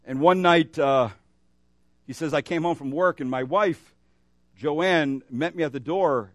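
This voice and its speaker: A man's voice: fairly high pitch, a little slow, no echo, studio quality. A male pastor preaching a sermon, moving between emphatic declarations and a casual storytelling manner with frequent fillers. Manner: animated preaching with rising emphasis and storytelling asides.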